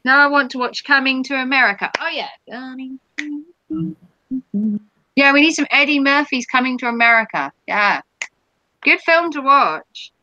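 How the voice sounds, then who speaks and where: A woman's voice: sits high, expressive, moderate pace, pauses often, sharp tone, no room sound, highs cut off. A woman hosting a casual live stream, chatting with viewers and reading their comments in a rambling way with many ums.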